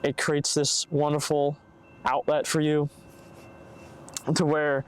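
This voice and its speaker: A man's voice: fairly high pitch, level tone, slow pace. A young man hosting a casual solo podcast, giving earnest, rambling advice and acting out hypothetical conversations. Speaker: podcast host. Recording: faint background noise, bad mic.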